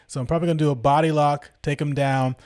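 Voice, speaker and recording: A man vlogging, telling a story casually in animated, slangy talk and acting out the people he quotes. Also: on the high side, fast, clean tone, dry recording, clean studio sound.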